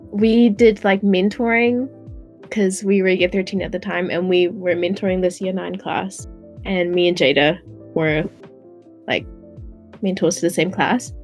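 A young adult woman, earnestly telling a personal story in casual chat, with lots of "like". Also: mid-range voice. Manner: earnest storytelling, heavy use of "like".

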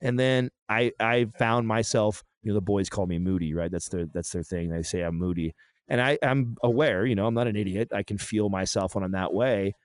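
A man's voice: lowish voice, fairly quick, dry recording. A podcast co-host in his thirties talking candidly in a blunt, profane, emphatic way.

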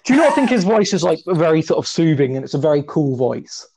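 A man's voice: fairly high pitch, big pitch swings, fast, a little mellow. A man co-hosting a casual podcast chat, talking chattily and laughing often. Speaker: podcast co-host. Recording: dull lo-fi audio.

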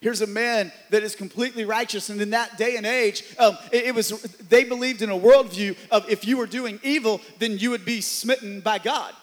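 Man, pastor preaching, swings between shouting and hushed talk, very high voice, echoing hall. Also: steady tone, moderate pace, hardly any pauses. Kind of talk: sermon. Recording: long hall reverb.

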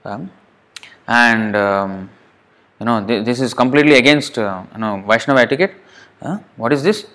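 A man's voice: medium pitch, normal speed, pauses often, fairly bright tone, natural voice. A man voicing an angry, revered male saint who scolds his followers in a retold sacred story. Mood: indignant. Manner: indignant, demanding.

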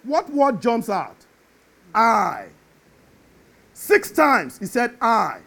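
Man, preacher, sermon, very high pitch, animated, emphatic. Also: takes it slowly.

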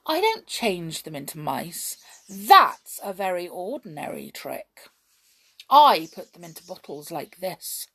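A woman's voice: on the low side, big pitch swings, slow pace, fairly bright tone, full character voice. A woman voicing a clever young boy bluffing as a bold wizard in a storybook reading, talking in a commanding way.

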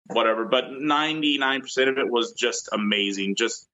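A man's voice: medium pitch, moderate pace, bright, forceful tone, dull audio. A man in his thirties on a video call, chatting casually and acting out quotes as he tells stories. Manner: rambling storyteller, acts out quotes. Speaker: guest.

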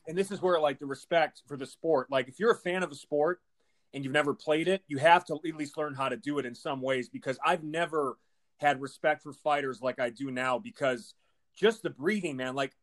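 A man in his thirties with a Wisconsin Midwest accent, hosting a podcast with enthusiasm, talking fast and using lots of fillers like "man" and "you know". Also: fairly high pitch. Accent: Wisconsin Midwest American. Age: 30s. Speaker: podcast host. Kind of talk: podcast intro and interview.

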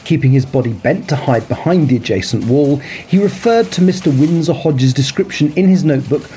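A man reads a period detective story aloud, measured and expressive. His mellow voice rises and falls freely in pitch, with faint ambient sound behind him. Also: a little hiss or hum. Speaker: story reader.

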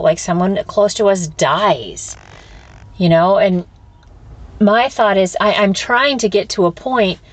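A woman's voice: mid-range voice, darkish tone, no echo. A woman hosting a solo spiritual podcast, talking candidly and thinking aloud, swearing freely and restarting her sentences. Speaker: podcast host and spiritual teacher. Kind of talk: reflective solo podcast talk.

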